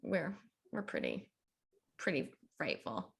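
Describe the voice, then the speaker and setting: A woman's voice: low voice, wildly swooping pitch, slow pace, creaky, fairly bright tone, slightly rough. A woman, an actress guest, chatting casually in an interview and laughing easily. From Boston area, raised in Georgia.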